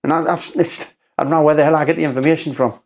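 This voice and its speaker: A middle-aged man, a former doorman telling an emotional story as a podcast guest. He is close to tears, halting and repetitive, and swears. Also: on the high side, fairly even intonation. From North East England. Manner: halting, repeats himself, swears.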